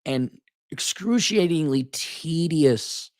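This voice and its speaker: A man's voice: a little high, expressive, slow, dry recording, clean studio sound. An older man in a casual opinion monologue, blunt and profane, often acting out mocking quotes in a raised, exasperated voice. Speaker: commentator.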